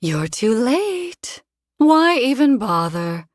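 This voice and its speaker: A man voicing a cold, scornful ghost of a mother in an audiobook, speaking in a slow, taunting drawl. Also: very high-pitched, very animated, dry recording, pitched above the performer's own voice, exaggerated voice. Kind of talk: audiobook character voice.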